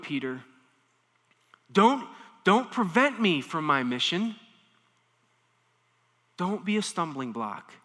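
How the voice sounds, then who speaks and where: A man preaching a sermon, animated, swinging between quiet explanation and intense emphasis. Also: on the high side. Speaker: pastor. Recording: reverberant hall.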